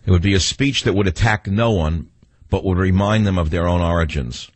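Husky, low New York radio ranter. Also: male voice, a little fast, no room sound. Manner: combative, sarcastic ranting. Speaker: talk radio host. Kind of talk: talk radio monologue.

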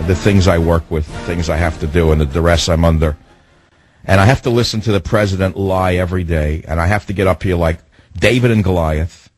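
Husky combative talk radio man. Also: low voice, no echo, poor audio. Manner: combative, indignant, heavy rhetorical questions. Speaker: radio talk show host. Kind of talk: political talk radio monologue.

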